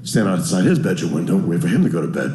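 A man doing a stand-up comedy set, ranting, with sudden loud yells, recorded live in a comedy club. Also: sits low, sing-song, fast, slight background noise. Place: comedy club stage with audience.

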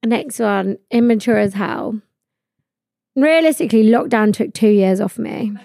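A woman's voice: fairly high pitch, animated, unhurried, gravelly, dark tone, no echo, clean studio sound. A young woman, hosting a podcast in blunt, sweary casual chat full of "like". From England. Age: 20s. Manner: blunt, sweary, laughing, lots of "like". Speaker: podcast host.

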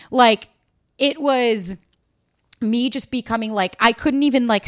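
Candid, profane young woman telling a story. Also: on the high side. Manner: candid, profane, acts out quotes in lively put-on voices. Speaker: podcast host. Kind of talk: casual storytelling monologue.

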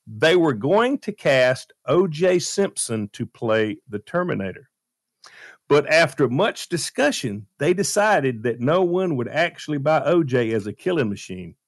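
Lively, animated male radio host. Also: on the high side, measured pace, no echo, studio quality. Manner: lively, animated retelling with fillers. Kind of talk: casual storytelling chat.

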